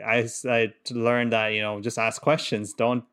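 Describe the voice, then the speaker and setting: Guy in his 30s telling a story on a podcast, acts out voices, laughs a lot, normal pitched voice. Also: normal speed, clean tone. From Qatar. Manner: animated, acts out voices in anecdotes, laughs often. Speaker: podcast co-host. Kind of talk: casual chat, storytelling.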